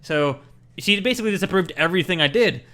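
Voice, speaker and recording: Bright, animated male podcast co-host. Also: high voice. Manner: animated, acts out game dialogue in quick voices. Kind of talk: casual chat.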